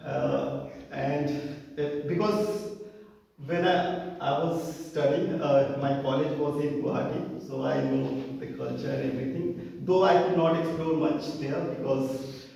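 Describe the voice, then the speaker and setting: Brief: man from India, gravelly, slightly high voice, relaxed club speech, distant mic in a reverberant hall. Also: a little slow. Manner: relaxed, personal, chuckles between points. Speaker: club meeting speaker. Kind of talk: prepared speech at a club meeting. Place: meeting hall. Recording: echoey hall, mic far off.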